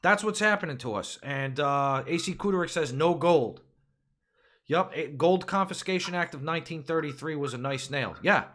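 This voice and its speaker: A man's voice: on the high side, brisk, few pauses, fairly bright tone. A man hosting a political podcast, ranting with profanity and rhetorical questions. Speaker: podcast host. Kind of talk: casual political podcast rant.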